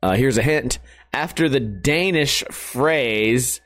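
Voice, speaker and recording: A man's voice: medium pitch, takes it slowly, a bit bright. A man hosting a podcast in a crude, rambling, jokey comedic monologue. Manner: crude, rambling, jokey, puts on silly voices. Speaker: podcast host.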